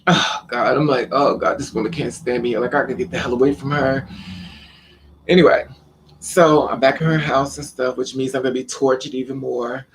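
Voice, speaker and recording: A man's voice: medium pitch, steady tone, brisk, slight background noise. A man vlogging, telling a personal story in casual, profane speech and acting out the lines of the people in it. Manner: blunt, profane, quotes people in conversation.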